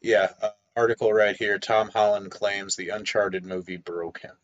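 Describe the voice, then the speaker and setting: A man on a casual podcast, reading news articles aloud in a relaxed way with fillers. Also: on the low side, normal speed, lo-fi sound.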